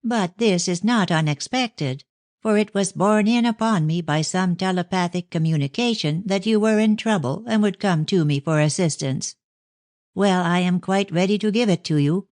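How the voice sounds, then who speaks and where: A woman reads a dramatic middle-aged clairvoyant who gushes over visitors and slows to a grave hush in her trances. The voice sits higher than the reader's own, as she puts her on, and the sound is dry and close. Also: no echo, close to an everyday voice. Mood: effusive. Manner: effusive, slow and solemn in trance.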